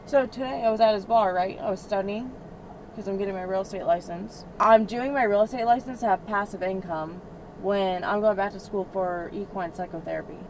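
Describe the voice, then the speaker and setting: A young woman in her twenties vents from the back of a car, her talk heated, profane and full of fillers. Her voice sits at an ordinary middle pitch for a woman. A faint hum of the road runs under her, picked up by an in-car cabin camera. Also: fairly quick, a little mellow, poor audio. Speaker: rideshare passenger. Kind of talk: casual venting chat. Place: inside a moving car. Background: faint vehicle road noise.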